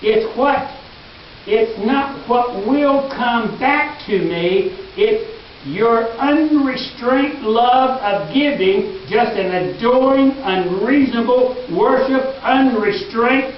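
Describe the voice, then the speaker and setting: A male pastor preaching a sermon in a church, earnest and emphatic, dropping into quiet asides. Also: extremely high pitch, takes it slowly, slight background noise. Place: church sanctuary. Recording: echoey hall, distant mic, dull lo-fi.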